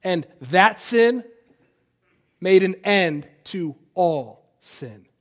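A man in his thirties preaches with a high, ringing voice. He climbs to loud, impassioned declarations and then drops back to a soft, conversational tone for the asides. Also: expressive, drawn-out words. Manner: impassioned preaching, swells loud on key lines. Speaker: pastor. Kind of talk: sermon.

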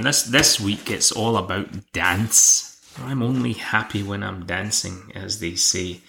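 A man's voice: lowish voice, vocal fry, fairly bright tone. A man hosting a podcast, recapping an episode in a dry, wry, casual way. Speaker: podcast host.

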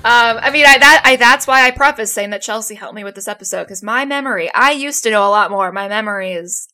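A woman's voice: on the high side, fast talker, sharp tone, soft background music. A woman co-hosting a casual podcast chat, talking in a chatty way and laughing easily. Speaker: podcast co-host.

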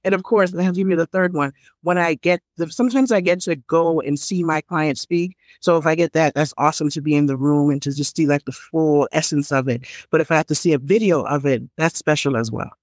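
Middle aged woman coach type talking in an interview, animated, laughs a lot, dry close sound. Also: deep voice, brisk, hardly any pauses, no room sound. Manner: expressive, laughs often, acts out quotes. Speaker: communications strategist guest. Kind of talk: conversational interview.

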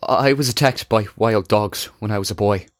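A man reads a scarred young dragon-shifter, soft-spoken and ashamed. His voice sits low and hesitates over its words. The recording is dry and close. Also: no echo, lightly acted. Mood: apologetic. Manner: soft, apologetic, halting. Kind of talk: audiobook character voice.

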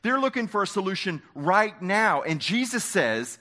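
A man preaching a sermon as pastor, slowing down to stress quoted words. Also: sits high, sing-song, bright, forceful tone. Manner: emphatic preaching with slow dramatic quotes.

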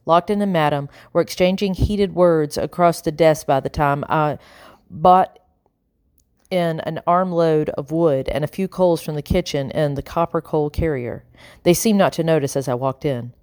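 A woman reading an audiobook in a measured, expressive narrating style. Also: low voice, smooth, no room sound, studio quality. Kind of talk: scripted narration.

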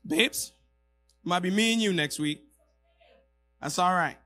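A man preaching in a bright, high voice. He drops to near-murmured asides, then climbs into shouted, driving emphasis. A faint keyboard plays softly behind him. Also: slow pace, soft background music. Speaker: pastor. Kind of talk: sermon. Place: church hall with congregation.

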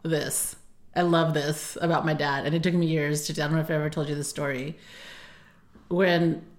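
A woman co-hosting a podcast, telling a family story in casual chat, often laughing and jumping high when she quotes people. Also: normal speed. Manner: animated, laughing, acts out quotes in high squeals. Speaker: podcast co-host.

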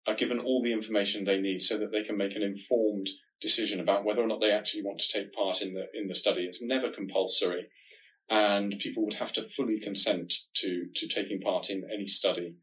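A man with a somewhat low, nasal voice, talking things through on a podcast. He explains calmly and steadily, in a measured, reassuring tone. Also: rough recording. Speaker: diabetes research podcast co-host.

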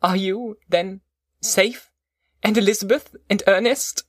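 A man voicing a distraught, feverish young man with pleading, high-strung outbursts in an audiobook. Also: expressive, normal speed, a bit bright, breathy edge, dry recording, clean studio sound. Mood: overjoyed. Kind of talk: audiobook character voice.

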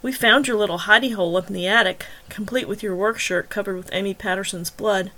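A woman's voice: mid-range voice, fast talker, sharp tone, lightly acted. A woman reading the lines of a worried middle-aged male detective, blunt and pressing in an interrogation. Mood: angry.

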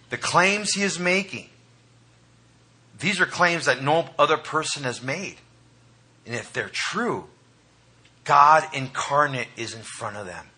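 A man preaching a sermon to a congregation, reading scripture and commenting with dramatic emphasis and pauses. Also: mid-range voice, sharp tone, slightly rough. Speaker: pastor. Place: church hall.

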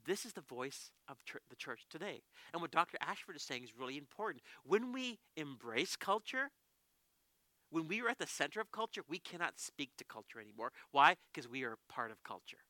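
Lively, bright-voiced male pastor preaching. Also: on the high side, fairly quick, no room sound. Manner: animated storytelling with many restarts. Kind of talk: sermon.

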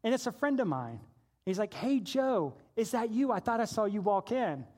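Animated male preacher, 40s, higher voice, playful storyteller. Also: moderate pace. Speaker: pastor. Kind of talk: sermon with personal storytelling.

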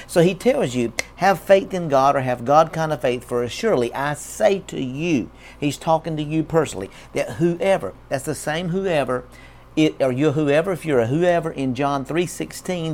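A man's voice: on the high side, darkish tone. A man preaching a sermon as a pastor, emphatic and repeating key words.

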